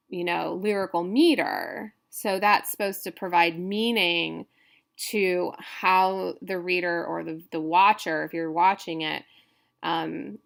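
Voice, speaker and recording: A woman's voice: on the low side, vocal fry, fairly bright tone. A woman instructor giving a recorded lecture, explaining step by step with frequent fillers and restarts.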